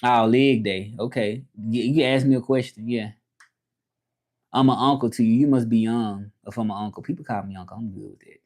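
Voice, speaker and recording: A man's voice: on the low side, fairly even intonation, a little fast, darkish tone. Man rambling on a livestream. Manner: rambling, restarts, reads chat aloud. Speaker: livestream host. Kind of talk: casual livestream chat, reading comments. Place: home, livestreaming from Mexico.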